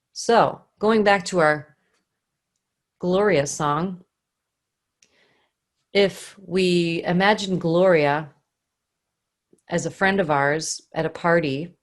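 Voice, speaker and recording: Female vocal coach with a lowish voice, animated teaching delivery, acts out examples. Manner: animated, acts out scenes to illustrate. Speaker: singing coach. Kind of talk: online vocal lesson.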